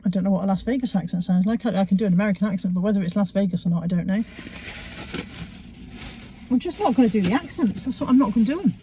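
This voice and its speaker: In this casual haul clip, a middle-aged woman sits in her car showing off charity shop finds and joking at her own expense. Her medium-pitched voice is mellow, animated and fast, and there's a little background noise.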